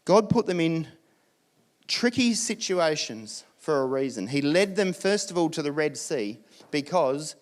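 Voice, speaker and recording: An Australian man delivers a church sermon with a fairly high-pitched voice. He preaches in an animated, storytelling way, slipping into little acted asides. His delivery is lively and engaged throughout. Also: measured pace. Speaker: pastor.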